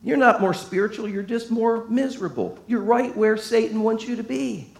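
A man preaching a sermon to a congregation, folksy and emphatic, swinging from loud to hushed. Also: high voice, moderate pace, gravelly. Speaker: pastor. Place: church sanctuary. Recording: echoey room.

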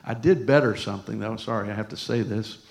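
A man's voice: fairly low pitch, fast, vocal fry, darkish tone. A middle-aged man preaching a sermon as a pastor, folksy and casual, mixing scripture with personal stories.

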